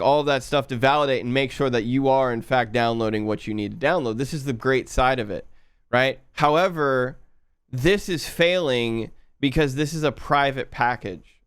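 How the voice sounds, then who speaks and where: A man with a Southern accent, explaining his build step by step to his live stream chat in a relaxed way. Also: mid-range voice, clean tone, no echo. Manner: relaxed, explaining, muttering to himself. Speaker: livestreaming programmer.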